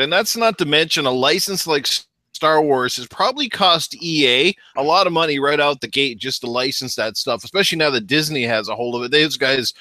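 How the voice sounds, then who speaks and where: A chatty Canadian man with a bright, forceful tone talks lightly in a casual podcast roundtable. His voice sits a bit high and sounds dry and close. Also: no room sound.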